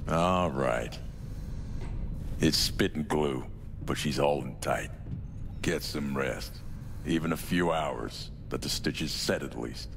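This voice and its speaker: An actor playing a gruff, world-weary male street surgeon in a video game, speaking bluntly. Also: very deep voice, takes it slowly, long pauses, exaggerated voice. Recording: reverberant game audio with noise.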